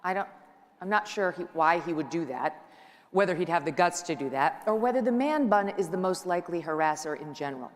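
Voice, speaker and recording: A woman's voice: lowish voice, lively intonation, a little fast. A middle-aged woman giving a joking, chatty speech from a conference stage, telling stories to the crowd. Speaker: conference speaker, talk show host. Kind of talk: lively stand-up style speech. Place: large conference hall. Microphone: handheld mic on stage. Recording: long hall reverb.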